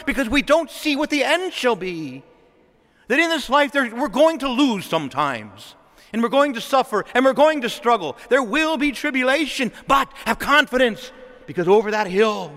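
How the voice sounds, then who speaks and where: Animated, high-pitched priest in a reverberant church. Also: male voice. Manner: animated, acts out quoted voices, chuckles often. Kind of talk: lively homily.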